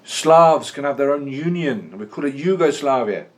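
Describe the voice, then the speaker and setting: A man's voice: medium pitch, expressive, moderate pace. A man teaching a history lesson in a chatty, jokey way, often restarting his sentences. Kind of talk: classroom lecture.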